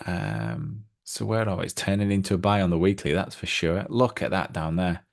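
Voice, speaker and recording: A middle-aged man with a very low, gravelly voice talks casually through trading charts. He is chatty and excitable, filling gaps with ums as he goes. He sounds like an easygoing host of his own channel. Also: normal speed.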